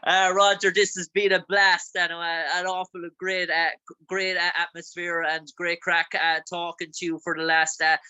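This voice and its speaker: An Irish man interviews a guest, his questions long and winding, thick with fillers. His voice has a bright, sharp edge. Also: sits high, little pitch movement, moderate pace, few pauses, clean tone. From Ireland. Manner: rambling, filler-heavy phrasing. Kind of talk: casual interview.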